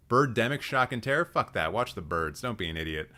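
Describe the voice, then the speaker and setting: A man's voice: lowish voice, expressive, a little fast, hardly any pauses, bright, forceful tone. A man hosting a live stream, giving blunt, sarcastic commentary and swearing freely. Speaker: host.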